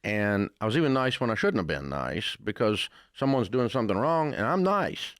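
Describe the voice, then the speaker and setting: A man's voice: on the low side, sing-song, moderate pace, a bit bright, no echo, studio quality. An older man with a Southern American accent, answering interview questions with folksy, blunt storytelling. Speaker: radio host, interviewee.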